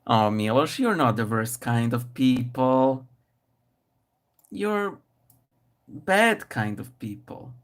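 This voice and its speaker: A man paints while hosting a casual live stream, answering viewer questions and thinking aloud with many fillers and restarts. He speaks English with a noticeable non-native accent, at a medium pitch with lively intonation, slowly and with long pauses.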